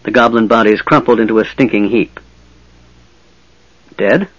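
A man giving a measured, dramatic audiobook narration of a fantasy story. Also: on the low side, flat delivery, no echo, lo-fi sound.

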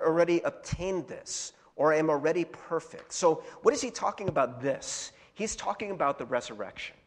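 A man's voice: sits high, breathy edge, long reverb tail. A male pastor preaching a sermon, telling candid stories with self-deprecating laughs and casual fillers.

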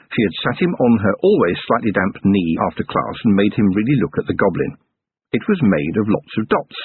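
Husky man narrating a novel. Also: on the low side, no echo. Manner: expressive, wry storytelling. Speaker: audiobook narrator. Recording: narrow phone-like band, dry.

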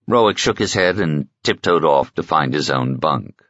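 A man narrating a novel as an audiobook in a steady, even storytelling manner. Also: a bass voice, unhurried, dry recording. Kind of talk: scripted narration. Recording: dull lo-fi dry sound.

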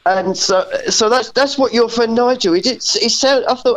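A man's voice: extremely high pitch, fairly bright tone, rough recording. A man calling in to a radio show by phone, chatting casually and stammering as he talks. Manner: halting, stammering. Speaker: phone-in caller. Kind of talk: casual chat. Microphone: telephone.

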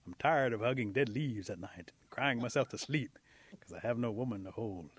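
A man voicing a kind, lonely old male possum healer in a spoken folktale, speaking softly and plaintively. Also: lowish voice, lively intonation, fairly quick, slightly rough, dry recording.

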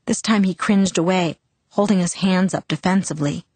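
Low-voiced woman narrating a novel. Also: moderate pace, darkish tone, dry recording. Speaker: audiobook narrator. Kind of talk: first-person novel narration.

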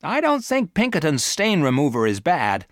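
A man voicing a confident, eager young man who talks high and boastfully. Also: wildly swooping pitch, moderate pace, no echo, clean studio sound.

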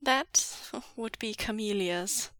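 A woman's voice: fairly high pitch, slow, a bit bright, no room sound. A woman voicing a wry, patient adult man with dry, teasing humor in an audiobook reading of fan fiction.

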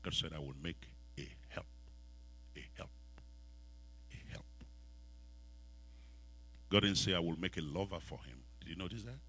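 Husky-voiced preacher with a West African accent. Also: male voice, low-pitched, normal speed, pauses often. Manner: dramatic preaching, asks the congregation questions, swings from soft to loud. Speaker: pastor. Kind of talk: sermon.

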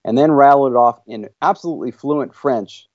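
Speaking briskly at a medium pitch, a man who invents languages rambles eagerly through a casual podcast interview, leaning on fillers. There's no echo, but the audio sounds dull.

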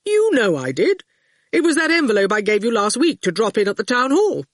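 A woman's voice: on the high side, big pitch swings, fairly quick, dry recording, studio quality, voice pushed up. A woman voicing an exasperated, indignant father in a storybook reading. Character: flustered middle-aged father, a writer.

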